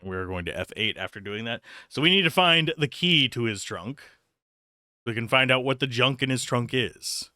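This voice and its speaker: A man's voice: mid-range voice, expressive, moderate pace, bright, forceful tone, dry recording, clean studio sound. A man streaming a role-playing game, chatting casually and reading the game text aloud. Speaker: let's play streamer. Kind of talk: casual gameplay commentary.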